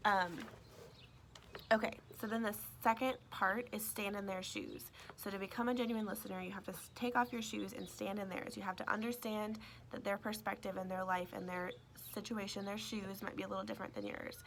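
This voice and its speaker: A woman teacher explains a lesson casually while standing outdoors beside a greenhouse. Her voice carries a gravelly, creaky texture. She talks in a chatty way, scattering fillers and tag questions through her explanation. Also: mid-range voice, fairly even intonation, fairly quick, slight background noise.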